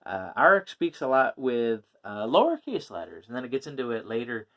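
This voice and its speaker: Guy rambling thru a comic review, lots of ums and little laughs, medium pitch. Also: huge pitch swings, fairly quick, fairly bright tone. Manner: rambling, many fillers and laughs. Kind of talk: casual chat.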